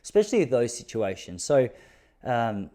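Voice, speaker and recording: In his thirties, an Australian man hosts a podcast, relaxed and poking fun at himself as he tells stories in a casual monologue. His mellow voice is sing-song at normal speed, shooting up to high-pitched disbelief when joking.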